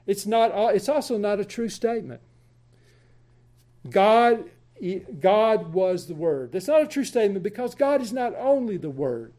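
A man teaching a Bible study lesson, explaining deliberately and repeating key points for emphasis. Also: high-pitched, a little mellow.

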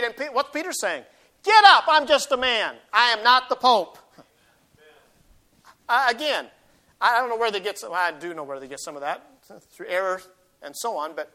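High bright-voiced guy preaching, reads the verses then riffs on them, jokes about himself, gets loud on the big points. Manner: reads scripture aloud then explains it, rising to emphatic peaks; folksy asides with self-deprecating humor. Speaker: pastor. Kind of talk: sermon.

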